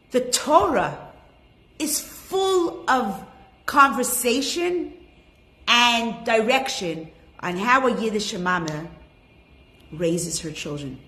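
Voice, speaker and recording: A woman's voice: a little high, fairly bright tone. A woman teaching a women's class online, chatting and greeting each attendee by name. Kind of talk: casual online class talk.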